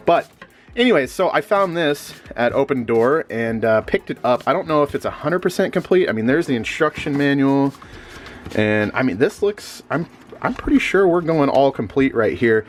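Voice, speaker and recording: Young male reseller vlogger, drowsy and rambling, medium pitch, light background hum. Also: normal speed. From Missouri. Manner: rambling, filler-heavy, animated jumps in pitch. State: sleepy. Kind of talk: casual chat.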